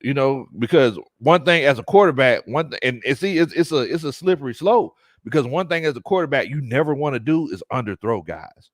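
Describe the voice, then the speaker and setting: Animated man hosting live sports chat. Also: mid-range voice, fairly quick, dry recording, clean studio sound. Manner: laughs often, reads chat comments aloud, animated. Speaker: sports talk show host.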